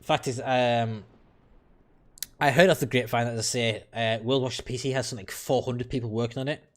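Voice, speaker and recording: A man's voice: medium pitch, steady tone, a little fast. Blunt, sweary British man streaming a game. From United Kingdom. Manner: blunt, opinionated and profane, chatting with viewers. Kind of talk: casual live-stream chat while playing.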